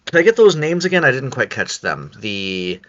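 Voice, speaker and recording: A man playing in a tabletop game, chatting casually and hesitantly with many pauses and restarts. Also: mid-range voice, very animated, fairly bright tone, dull audio. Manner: hesitant, lots of ums and restarts. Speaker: player.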